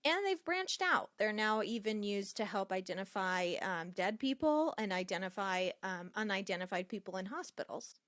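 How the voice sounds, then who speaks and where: A woman's voice: mid-range voice, big pitch swings, normal speed, hardly any pauses, fairly bright tone, no room sound, studio quality. A woman co-hosting a podcast, chatting casually and reading out a news story. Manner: chatty, reads out news stories. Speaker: podcast co-host. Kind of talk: casual chat.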